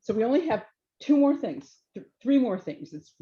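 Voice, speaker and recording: A woman presenting knitting yarns and jackets to a small audience in a relaxed, chatty way, often trailing off with fillers and restarts. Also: a little high, moderate pace, dull audio. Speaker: yarn shop presenter. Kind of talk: informal trunk show presentation.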